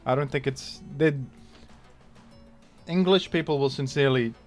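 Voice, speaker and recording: A man's voice: mid-range voice, moderate pace, faint music behind. A young man, casually joking and rambling through a live game stream. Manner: joking, rambling, exclaims loudly when surprised.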